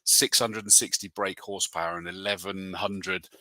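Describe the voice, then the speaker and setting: A man's voice: low-pitched, steady tone, normal speed, pushed and bright, no echo. A man and motorsport commentator hosting a live show, chatting casually and reading out viewer comments in a matey way. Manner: chatty and matey, calls people mate.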